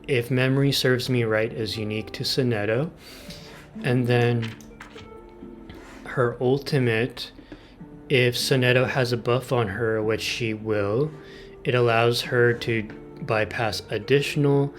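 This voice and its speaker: A man hosting a gaming video, explaining team setups in casual commentary and exclaiming with enthusiasm over game details. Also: mid-range voice.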